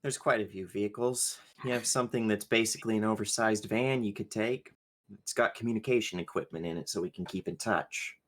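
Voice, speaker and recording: A man narrating as game master in a live tabletop game, laid-back and quick to laugh. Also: on the low side, a bit bright.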